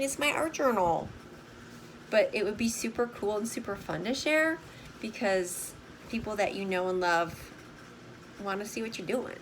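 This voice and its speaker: An older woman talks through an easy craft project in a bubbly, chatty tone, stacking up words for emphasis and checking in with the listener. Her voice sits in an ordinary middle pitch, with a faint hiss of background noise behind her. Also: moderate pace, pauses often, low-quality recording. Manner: bubbly, chatty, lots of "super" and "right?". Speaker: art journaling vlogger. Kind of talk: casual craft tutorial.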